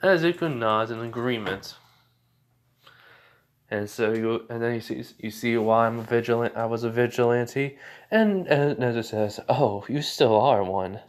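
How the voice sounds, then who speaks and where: A man spins an improvised fan story in a loose, rambling way, full of fillers, false starts and restarts. His voice sits at an ordinary middle pitch for a man. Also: lively intonation, moderate pace.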